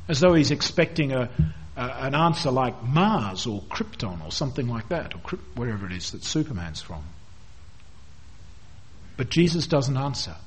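A man giving an expository Bible teaching, his voice slightly husky and pitched a bit high. He swings widely in pitch, rising for emphasis and sinking low at the ends of phrases. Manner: expressive, wide-ranging delivery, dropping low at phrase ends. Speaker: preacher.

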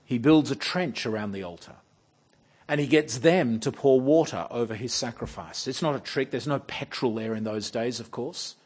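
A man preaching a sermon, animated and wryly mocking, swinging from loud bursts to hushed, slow lines. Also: mid-range voice, breathy edge. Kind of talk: expository sermon.

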